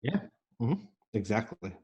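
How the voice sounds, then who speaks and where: Earnest male guest with a lowish voice who talks in halting restarts. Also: big pitch swings, dark tone, breathy edge, highs cut off. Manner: earnest, with frequent restarts and fillers. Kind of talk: casual interview talk.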